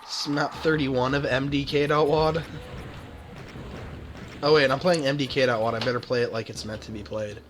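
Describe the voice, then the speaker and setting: A man's voice: medium pitch, steady tone, moderate pace, long pauses, noisy background. A man streaming a video game, talking casually and sardonically, often swearing. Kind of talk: casual gaming chat.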